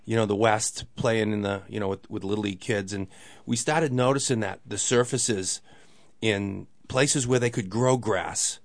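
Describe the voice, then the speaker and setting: A man's voice: lowish voice, moderate pace, no room sound. Rambling storyteller man, dry close sound. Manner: rambling, fills talk with "you know", acts out quoted voices. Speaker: guest, local baseball organizer. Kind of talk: casual storytelling.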